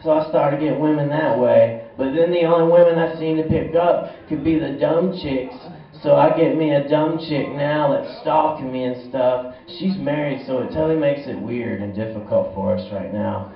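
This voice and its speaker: On a small club stage, a young man with a fairly high voice keeps up a moderate pace with few pauses, delivering rambling, profane comedy in a relaxed stoner manner. The recording is echoey, distant from the microphone and dull in quality.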